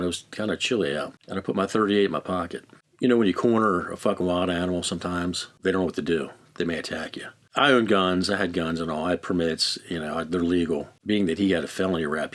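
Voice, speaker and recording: A middle-aged man with a deep, low voice tells his story bluntly and candidly. He swears freely and re-enacts the arguments he describes. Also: a bit bright. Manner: blunt, heavily profane, acts out quoted exchanges. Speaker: interviewee recounting his own past. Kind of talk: candid first-person storytelling.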